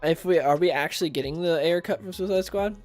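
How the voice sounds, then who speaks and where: A man's voice: a little high, fast talker, a little mellow, soft background music. A man hosting a casual livestream about comics, chatting with viewers and reading recaps aloud. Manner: chatty, reads chat and recaps aloud, laughs at own jokes.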